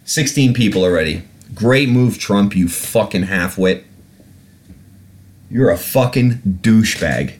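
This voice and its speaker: A man's voice: lowish voice, expressive, unhurried. A man hosting a podcast, ranting in a sarcastic, heavily swearing way and repeatedly getting irate before apologizing. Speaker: podcast host. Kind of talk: casual podcast rant.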